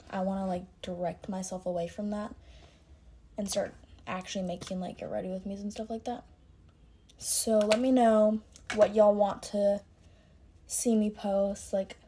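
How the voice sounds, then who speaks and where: A young woman telling a personal story in a chatty, animated way, as a get-ready-with-me storytime vlog. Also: mid-range voice. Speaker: content creator.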